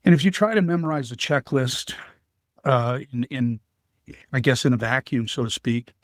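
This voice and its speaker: A man answering interview questions in a measured, explanatory way, using vivid analogies. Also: mid-range voice, no echo. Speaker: guest, business leader and veteran.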